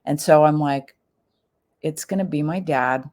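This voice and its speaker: Woman, middle-aged, lower voice, casual storytelling, lively quoted asides, podcast guest. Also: unhurried. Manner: animated, many fillers and quoted asides.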